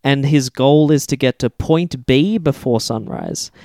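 A man co-hosting a film podcast in casual chat, animated and ranting, swearing freely. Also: mid-range voice, measured pace, no echo, studio quality. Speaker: podcast co-host.

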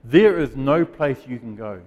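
A man preaching a sermon as pastor, earnest and emphatic, with dramatic pauses. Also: medium pitch, expressive, in a large hall, phone-quality sound.

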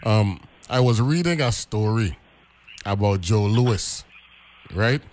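Low-voiced radio host. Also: male voice, slow, darkish tone. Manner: rambling, repeats words, asks with "right?". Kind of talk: casual radio chat.

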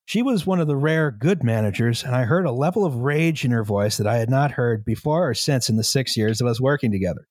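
A man reading a story aloud to a co-host in a measured, steady way, now and then breaking into laughter. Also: mid-range voice, no room sound, studio quality. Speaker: story reader.

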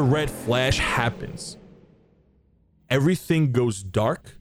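A man's voice: mid-range voice, animated, unhurried, music in the background. A man narrating a tabletop role-playing game as game master, describing scenes with frequent fillers and restarts.

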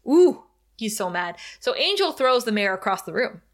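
Animatedly recapping an episode, a podcast co-host laughs often and acts out the characters' lines in casual chat. Her fairly high voice is sing-song at a normal speed.

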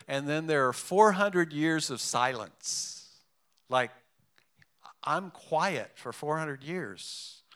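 A man's voice: fairly high pitch, pushed and bright, clean tone. A man preaching a sermon in a conversational way, with asides and restarts. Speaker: pastor.

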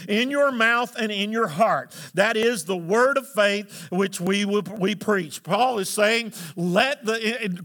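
A male pastor preaching a sermon, asking the congregation for responses and building to shouted emphasis. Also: high-pitched.

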